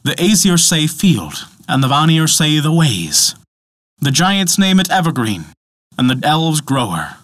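A man's voice: on the high side, very animated, unhurried, fairly bright tone, dry recording, clean studio sound. A man voicing a blunt, proud male dwarf who is testy and haughty. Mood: recital.

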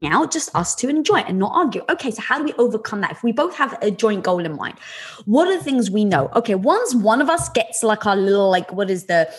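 A woman, a podcast guest, telling candid personal stories in an animated, swearing, often laughing way. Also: medium pitch, quick pace, slightly rough. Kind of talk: candid conversational storytelling.

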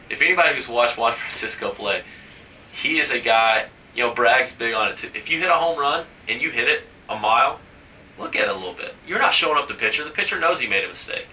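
A man's voice: medium pitch, lively intonation, fast talker, sharp tone, distant mic, slight background noise, poor audio. A man, a professional baseball player, telling stories in a casual interview and animatedly acting out the dialogue in his anecdotes.

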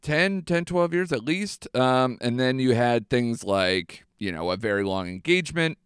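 Young guy hosting a movie podcast, chatty and animated, smooth clean voice, dry sound. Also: medium pitch, unhurried, no echo. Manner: chatty, animated, rambling with fillers. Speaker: podcast host. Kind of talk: casual podcast chat.

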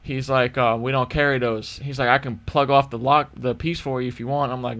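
A young man telling a story in a casual chat, animated and profane, acting out both sides of the dialogue. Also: medium pitch, brisk. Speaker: podcast co-host.

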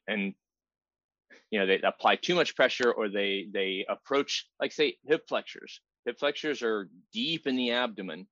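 A man who is a massage therapist and anatomy teacher, a guest explaining things in a measured way in a casual interview. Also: on the low side, fairly bright tone, no echo, dull audio. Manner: measured, explanatory, some repeated words.

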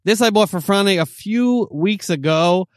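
Casting: male co-host, slightly high voice, dry close sound, loose rambling chat. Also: normal speed, dry recording. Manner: rambling, filler-heavy, relaxed. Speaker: podcast co-host. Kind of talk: casual chat.

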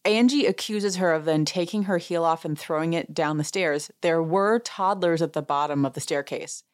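Low-voiced woman, chatty amused recap. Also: moderate pace. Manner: amused, chatty storyteller who laughs and acts out quotes. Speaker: podcast host. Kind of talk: casual recap chat.

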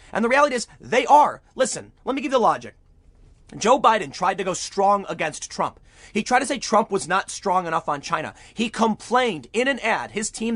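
A man's voice: high-pitched, a bit bright, no echo. A man giving opinionated political commentary as he reads news aloud, emphatic and prone to repeating words when fired up.

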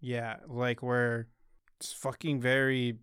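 A man's voice: mid-range voice, flat delivery, takes it slowly, fairly bright tone, smooth, dry recording, studio quality. A man hosting a casual podcast, talking in a loose, rambling way with plenty of swearing. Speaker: podcast host.

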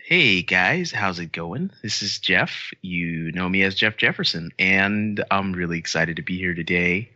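A man's voice: low-pitched, lively intonation, measured pace, few pauses, sharp tone, no room sound, lo-fi sound, exaggerated voice. A man putting on a bland, cheerful everyman guy's voice. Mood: eager. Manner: friendly, eager and plain.

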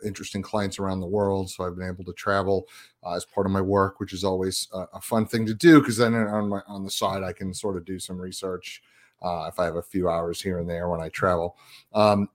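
A man being interviewed as a guest author, his voice set a bit low. He answers thoughtfully and unhurriedly, filling his pauses with soft "um"s as he gathers his thoughts. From United States East Coast. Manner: measured, thoughtful, frequent "um"s.

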